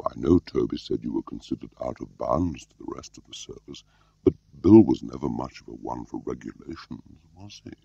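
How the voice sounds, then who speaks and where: A man with a very deep, gravelly voice playing a soft-spoken older spymaster who questions mildly, in a slightly muffled, dry recording. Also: lively intonation, measured pace, no echo, heavily acted. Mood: quiet probing. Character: quiet, probing older male spymaster.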